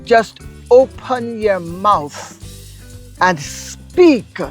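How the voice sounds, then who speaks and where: A woman from Jamaica with a Jamaican accent, a guest explaining local words in a casual interview, telling stories in an animated, emphatic way. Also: mid-range voice, drawn-out words, faint music behind. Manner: animated storyteller, lively and emphatic.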